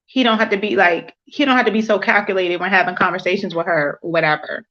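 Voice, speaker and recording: Bright sassy woman, slightly muffled sound. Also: mid-range voice. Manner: sassy, expressive, quick asides. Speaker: co-host of a live reality show review. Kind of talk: casual live-stream chat.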